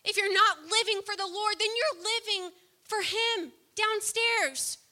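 High bright impassioned woman preacher. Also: measured pace. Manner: impassioned, swings from soft to loud. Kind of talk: sermon.

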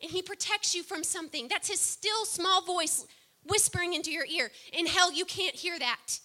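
A woman preaching a sermon, impassioned, swinging from soft, low passages to loud outbursts. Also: moderate pace.

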